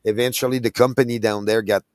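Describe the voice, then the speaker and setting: A man's voice: on the low side, fairly even intonation, fast, a little mellow, no room sound. A man in casual chat, telling a story with many restarts and false starts. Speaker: podcast co-host.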